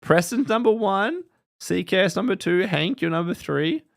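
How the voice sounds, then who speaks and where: A man's voice: high voice, expressive, moderate pace, creaky. A man hosting a casual podcast livestream, chatting animatedly and laughing often. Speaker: podcast host. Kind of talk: casual live-stream chat.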